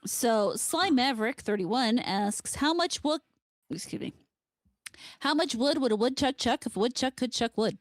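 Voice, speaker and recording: A woman's voice: a little high, expressive, moderate pace, dry recording. Podcast lady reading out questions, lots of ums, dry close mic. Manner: reads listener questions, hesitant fillers. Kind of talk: casual podcast chat.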